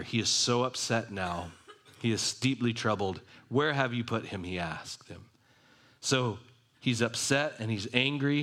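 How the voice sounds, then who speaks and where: A man's voice: on the low side, a bit bright. A man preaching a sermon, reading a passage aloud and explaining it in a conversational way. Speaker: pastor.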